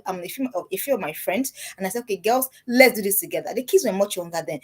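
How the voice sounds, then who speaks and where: A middle-aged woman giving parenting advice to parents, animated and repeating herself for emphasis. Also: medium pitch, slightly rough. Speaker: parenting speaker.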